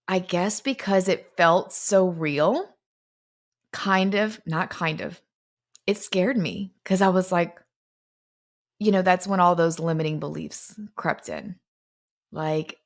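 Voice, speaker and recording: A woman's voice: fairly low pitch, fairly even intonation, unhurried. A middle-aged woman earnestly telling a personal story, as the founder of a fitness brand.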